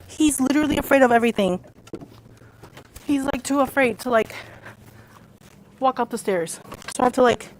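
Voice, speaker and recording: A woman streamer with a slightly high voice chats casually to her audience. She rambles in loose, offhand phrases, swears freely and often seems to be talking to herself. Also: normal speed, long pauses, slight background noise, poor audio. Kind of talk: casual live-stream chat.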